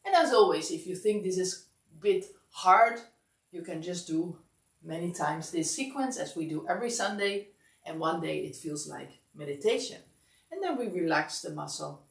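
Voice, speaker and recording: Woman instructor, drowsy and calm, low gravelly voice, recorded from afar in an echoey studio. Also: normal speed, far from the mic. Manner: calm step-by-step guidance, counting aloud. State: sleepy, yawning. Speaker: massage teacher. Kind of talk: instructional class demonstration. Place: massage studio.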